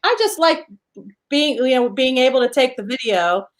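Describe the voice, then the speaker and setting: A woman's voice: high voice, animated, moderate pace. A woman from Pittsburgh with a faint Pittsburgh accent, a guest chatting in a hesitant, agreeable way. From Pittsburgh, USA. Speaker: guest YouTuber. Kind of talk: casual interview chat.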